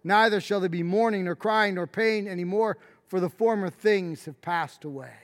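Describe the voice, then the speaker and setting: A middle-aged man, a pastor, preaching a sermon with emphatic stresses that rise to near shouts. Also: high voice, normal speed. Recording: long hall reverb.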